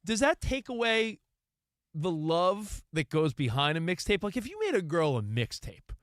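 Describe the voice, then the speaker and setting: A man co-hosting a sports talk show, playful and quick with questions for his partner. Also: sits high, sing-song, no echo, clean studio sound. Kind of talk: casual sports radio banter.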